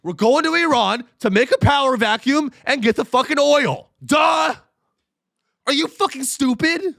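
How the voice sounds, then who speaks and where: A man impersonating a crude, belligerent male official who sneers and yells profanities at reporters. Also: very high voice, unhurried, creaky, no room sound, studio quality, pitched above the performer's own voice, heavily acted. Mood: scornful yelling. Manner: mocking, yelling, profane.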